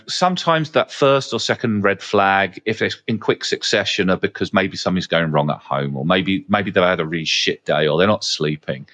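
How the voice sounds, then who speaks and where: Deep-voiced man, frank casual talk. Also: fairly bright tone. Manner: frank, swears casually, frequent fillers. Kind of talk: casual conversational anecdotes.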